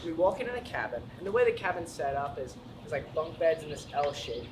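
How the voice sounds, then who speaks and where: A young American man doing a stand-up comedy set, telling stories with animated, panicky acted-out moments. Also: a little high, fast, noisy background. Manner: animated storytelling, acts out panic. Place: school auditorium with live audience.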